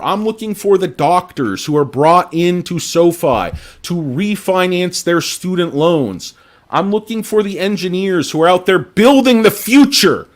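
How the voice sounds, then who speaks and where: A man hosting a casual livestream about stocks, talking emphatically and rambling with plenty of fillers, swinging from loud, punchy lines to mumbled asides. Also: high-pitched. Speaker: livestream host.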